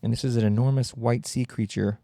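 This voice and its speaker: A man's voice: mid-range voice, steady tone, fairly quick, creaky, dark tone, dry recording, clean studio sound. A man hosting a solo comedy podcast, rambling and mocking in a sarcastic tone. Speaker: podcast host.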